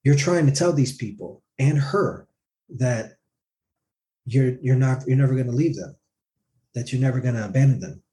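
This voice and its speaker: A man's voice: medium pitch, moderate pace, pauses often. A male singer in a casual interview, telling a story with animation and acting out what others said. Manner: animated, acts out others' words in quotes.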